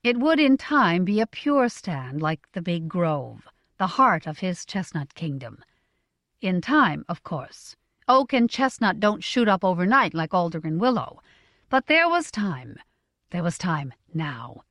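A woman narrating a novel in a measured, expressive reading. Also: lowish voice, no echo, clean studio sound. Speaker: audiobook narrator.

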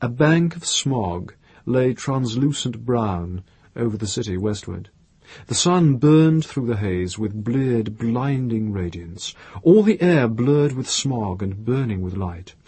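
Slow, husky male audiobook narrator. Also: medium pitch, lively intonation, a little mellow, dry recording. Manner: slow, measured reading. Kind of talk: scripted narration.

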